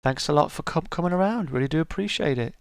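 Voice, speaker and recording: A man's voice: fairly high pitch, lively intonation, fast talker, vocal fry, no echo, studio quality. A middle-aged man hosting a casual live-stream chat, greeting viewers by name and calling them mate.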